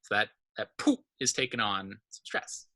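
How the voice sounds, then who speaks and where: Male teacher, informal class lesson, lowish pitch, tense bright edge, explains step by step. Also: animated, normal speed.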